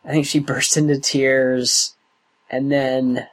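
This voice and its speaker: A young man being interviewed, talking in a slow, thoughtful way with many pauses and restarts. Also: medium pitch, little pitch movement, poor audio. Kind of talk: oral history interview.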